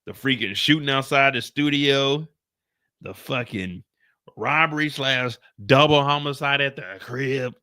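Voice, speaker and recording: A man voicing a worried record label boss in a deep, gravelly put-on voice. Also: unhurried, bright, forceful tone.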